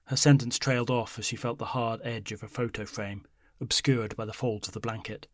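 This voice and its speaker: Brief: male narrator, measured horror storytelling, dry close sound. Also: fairly even intonation, no echo. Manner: measured, low-key storytelling.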